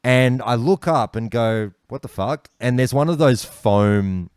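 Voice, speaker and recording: An Australian man hosting a podcast, telling stories in animated casual chat with plenty of swearing. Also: medium pitch, measured pace, clear, resonant tone, no room sound, clean studio sound. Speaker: podcast host.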